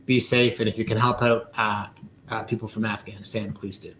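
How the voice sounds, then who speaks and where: A man's voice: lowish voice, little pitch movement, a little fast, fairly bright tone. Earnest middle-aged man host. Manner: earnest, reflective, with fillers. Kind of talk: casual talk show. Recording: echoey room, faint ambient noise.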